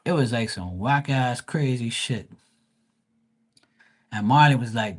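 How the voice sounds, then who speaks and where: A male psychic tarot reader on a livestream tells a story casually, in a loose, profane, rambling way with many restarts. His voice is mid-range and he takes it slowly.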